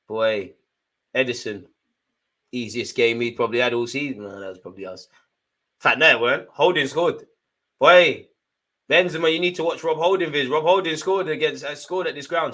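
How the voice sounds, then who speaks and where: Brisk and jokey, a man hosts a fan watchalong of a live football match, trading chatty banter loaded with slang. He alternates between excited outbursts and quiet muttered asides.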